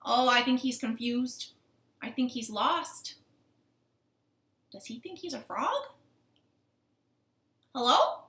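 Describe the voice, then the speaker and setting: Woman voicing little storybook frogs, high and fluttery, bright tone, roomy living room. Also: animated, takes it slowly, long pauses, full character voice. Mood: worried. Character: excitable chattering pond frogs, small and fussy.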